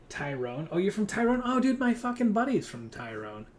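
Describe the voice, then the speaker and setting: A man's voice: high-pitched, very animated, a little fast, slight background noise. Rambling, swearing man streaming a game. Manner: rambling, swears freely, talks to players and his kid. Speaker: gaming streamer. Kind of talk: casual chat while playing a hunting game.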